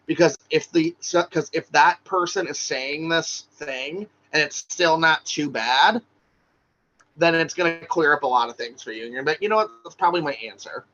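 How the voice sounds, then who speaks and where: A man's voice: on the high side, measured pace, sharp tone, highs cut off. A man teaching a recorded online class for social work exam prep, talking casually with lots of "right?" and "like".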